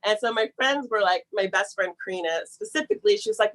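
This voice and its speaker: A woman telling a long personal story in a casual, animated way, talking fast and acting out the people she quotes. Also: medium pitch, poor audio. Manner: talks fast to get through a long story.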